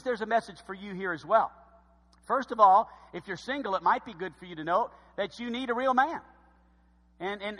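A male pastor delivering a fervent sermon, swinging from loud bursts to low, quiet emphasis. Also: in a large hall.

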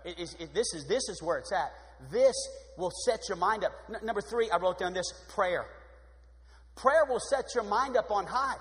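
Male preacher with a high voice and an animated sermon delivery, recorded with a long hall reverb. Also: normal speed. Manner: animated, shifts from loud exclamations to hushed prayer voice. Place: church sanctuary. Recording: long echo of a large hall.

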